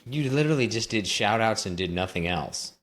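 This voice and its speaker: A man co-hosting a podcast, sarcastic and exasperated, launching into ranting riffs. His pitch swings widely as he needles his co-host. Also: animated, fairly quick, a bit bright. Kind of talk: casual banter.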